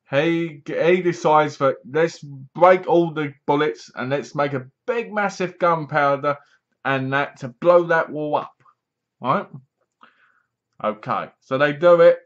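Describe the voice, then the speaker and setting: A man's voice: a little high, fairly bright tone. A man casually reviewing a horror film, rambling and sarcastic, with many restarts. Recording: dull lo-fi home recording.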